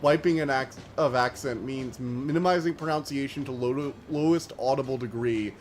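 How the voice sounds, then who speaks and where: A man's voice: medium pitch, moderate pace, slight background noise. An American man chatting loosely as he streams a game, rambling with lots of filler words. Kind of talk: casual let's-play commentary.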